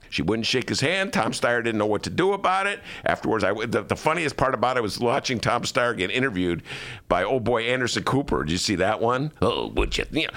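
Guy hosting a political talk show in a studio, lively swoopy voice, cracks jokes and does bits. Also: medium pitch. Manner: animated, joking, mimics politicians. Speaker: podcast host.

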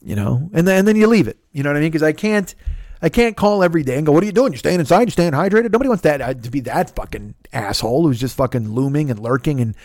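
A man's voice: a little high, lively intonation, fast, darkish tone, no room sound, clean studio sound. A middle-aged man hosting a podcast, talking in a casual solo monologue that rambles, swears a lot and sounds exasperated. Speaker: podcast host.

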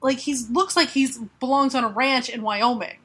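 A woman co-hosting a podcast, retelling a comic book in a sarcastic, profane, animated way. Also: sits high, normal speed, breathy edge. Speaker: podcast co-host. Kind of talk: casual comic book chat.

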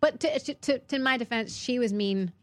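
A young adult woman in casual chat, telling a story with lots of halting restarts. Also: on the high side, dry recording.

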